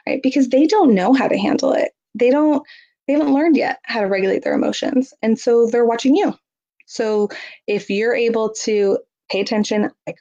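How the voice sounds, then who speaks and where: A woman's voice: on the high side, moderate pace, mellow. A woman giving a casual parenting lesson, chatty and full of fillers, acting out feelings with a bigger voice. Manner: chatty, many fillers, acts out emotions in bigger voice. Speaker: parenting educator. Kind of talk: casual instructional talk. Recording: dull lo-fi audio.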